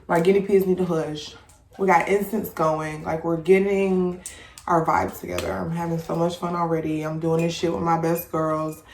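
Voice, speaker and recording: Lowish woman ranting real blunt, swears a lot, roomy echo. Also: moderate pace, slight background noise. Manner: blunt, profane, animated storytelling. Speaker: podcast host. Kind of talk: casual chat. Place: home room with incense.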